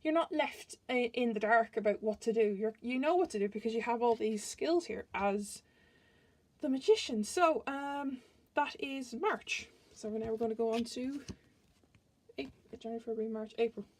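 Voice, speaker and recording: A woman's voice: a little high, moderate pace, darkish tone. A woman giving a casual tarot reading to her viewers, talking in a chatty, rambling way and often restarting her sentences. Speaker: tarot reader.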